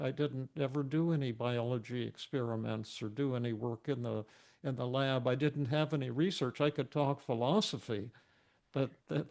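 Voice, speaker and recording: A man's voice: medium pitch, creaky. A man telling a personal story in a webinar, often stammering and repeating his words as he goes. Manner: animated storyteller. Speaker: psychiatrist presenter.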